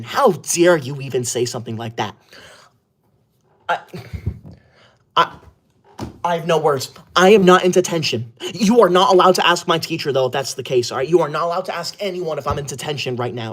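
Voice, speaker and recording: A man playing a bossy, touchy schoolboy livestreamer who is obsessed with rules, in a comedic livestream parody, talking in a scolding, indignant way. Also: a little high.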